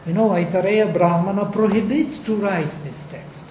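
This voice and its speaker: Emphatic speaker explaining old chanting traditions, keeps asking the room "yes?", dark mellow voice, echoey room w faint hiss. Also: medium pitch, normal speed. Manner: emphatic, asks rhetorical questions. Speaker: lecturer on Vedic recitation. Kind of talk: panel discussion explaining.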